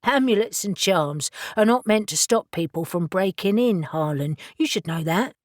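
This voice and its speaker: A woman's voice: mid-range voice, lively intonation, moderate pace, dry recording, studio quality, natural voice. A woman voicing a nonchalant, self-effacing man with an English accent who speaks politely and wryly. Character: nonchalant, rumpled Englishman, wry charmer.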